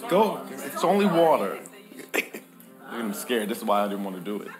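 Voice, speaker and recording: A man's voice: fairly low pitch, sing-song, normal speed, music in the background. A preacher man in his thirties or forties giving a playful sermon, joking with his congregation and calling for their responses. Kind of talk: lively sermon with audience call-and-response. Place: church hall with live congregation.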